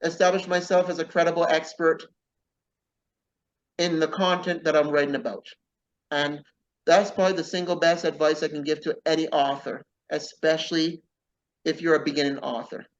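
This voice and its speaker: A man's voice: fairly high pitch, flat delivery, normal speed, dull audio. A man being interviewed as an author, talking earnestly and often tagging his points with "okay?". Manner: earnest, keeps adding "okay?" as a tag. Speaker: author guest. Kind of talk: casual interview talk.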